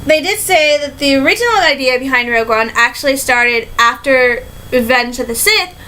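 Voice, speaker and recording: A young woman vlogger from Michigan, USA, recaps a fan convention in a casual video, excitable and rambling, packing in fillers and "like" and sometimes slipping into a put-on British accent. Her voice is high and the audio is poor.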